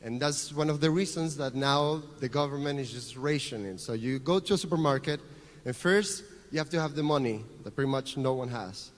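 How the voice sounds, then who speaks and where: Venezuelan guy giving a conference talk, earnest, some ums, big echoey hall, mid pitch. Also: fairly quick. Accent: Venezuelan Spanish. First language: Spanish. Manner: earnest, explanatory, with fillers. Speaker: conference speaker.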